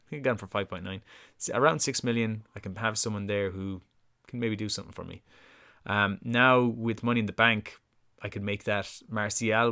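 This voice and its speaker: A man's voice: medium pitch, bright, forceful tone, smooth. A man co-hosting a casual podcast chat, thinking aloud as he weighs his options. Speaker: podcast co-host. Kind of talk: casual chat about fantasy football.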